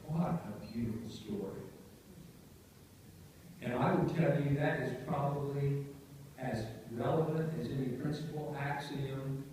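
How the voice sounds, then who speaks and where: A man's voice: mid-range voice, a little slow, long pauses, slight background noise. Man telling a story in an echoing hall. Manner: animated storyteller acting out quotes. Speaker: conference speaker. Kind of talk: storytelling keynote speech. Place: large conference hall. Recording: echoey hall, voice from far off.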